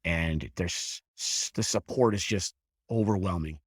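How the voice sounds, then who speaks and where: A man in his fifties from the Buffalo area, a career firefighter telling his story frankly in an interview, with halting restarts and some swearing. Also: sits low, slightly rough, no echo, clean studio sound. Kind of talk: candid personal storytelling in an interview.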